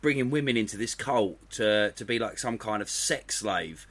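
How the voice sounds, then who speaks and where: A man's voice: on the low side, a bit bright. A young man, co-hosting a podcast in rambling, sweary casual chat. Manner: rambling, swearing, quick to laugh. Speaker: podcast co-host.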